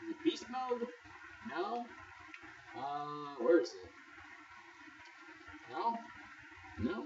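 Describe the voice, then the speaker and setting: A man's voice: fairly high pitch, big pitch swings, extremely slow, pauses often, a little mellow. A man casually commenting while playing a game, teasing and bantering with the characters on screen. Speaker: gamer playing through a game. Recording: roomy, distant, dull and noisy.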